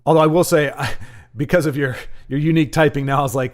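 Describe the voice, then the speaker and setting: A man's voice: fairly high pitch, fairly even intonation, quick pace. A man hosting a live card-game stream, rambling and ranting in casual chat between bits of game commentary. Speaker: stream host and caster.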